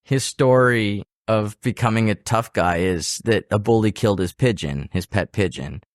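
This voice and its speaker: A man hosting a podcast, calm, mostly giving short responses and then bringing up a story. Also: on the low side, normal speed, dry recording, clean studio sound. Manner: calm, brief listening responses. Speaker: podcast host. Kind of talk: casual chat.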